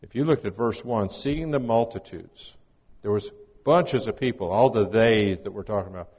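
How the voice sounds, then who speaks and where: A man's voice: lowish voice, moderate pace, darkish tone, breathy edge, big-room sound. A man delivering a conversational, folksy sermon as a guest preacher, mixing scripture readings with casual teaching. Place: church.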